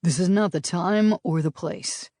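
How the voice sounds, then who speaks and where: A woman narrator reads a fit, well-off young man in an audiobook, curt and clipped with barely held exasperation. Her voice sits low and the recording is dry. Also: a little slow, mellow, dry recording, close to an everyday voice.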